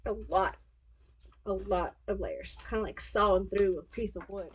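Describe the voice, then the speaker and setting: A woman's voice: medium pitch, normal speed, a little hiss or hum. A woman hosting a live sewing stream, chatting casually as she walks through each step. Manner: chatty, talks through her steps as she sews. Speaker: sewing livestream host.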